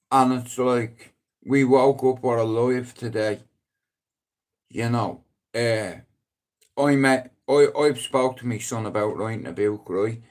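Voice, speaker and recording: A middle-aged man with a Dublin accent rambling on a casual live stream, swearing freely and breaking into loud emphatic outbursts. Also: medium pitch. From Ireland.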